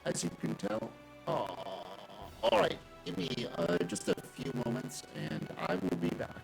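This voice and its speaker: Male presenter, very gravelly, animated pitch, apologetic mic checks. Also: a little slow, over music, poor audio. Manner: apologetic, checking his audio. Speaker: game developer presenting a segment. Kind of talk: live presentation with mic trouble.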